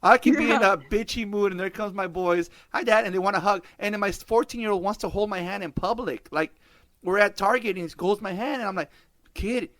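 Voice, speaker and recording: A man's voice: high-pitched, a little fast, fairly bright tone, dry recording. A man hosting a podcast, telling stories casually with laughs and easy swearing. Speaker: podcast host. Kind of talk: casual conversation.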